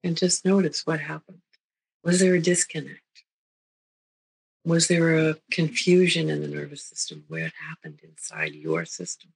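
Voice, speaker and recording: A middle-aged woman, a therapist, giving a recorded lecture in a gentle, unhurried way, often checking in with the listener. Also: low voice, animated, gravelly, husky, rough recording. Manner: gentle, unhurried, repeats words and checks in with "right?". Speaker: therapist teaching a psychology talk.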